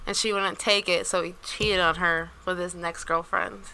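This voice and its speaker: A woman's voice: on the low side, steady tone, moderate pace, sharp tone, low-quality recording. A woman guesting on a podcast, talking frankly and teasingly in a casual chat, into a studio podcast mic.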